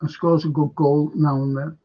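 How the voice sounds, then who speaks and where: In a slightly high voice with a level tone and normal speed, a man hosting a fan football show launches into an angry rant, cursing nonstop and going over the same points again and again. The audio is dull and lo-fi.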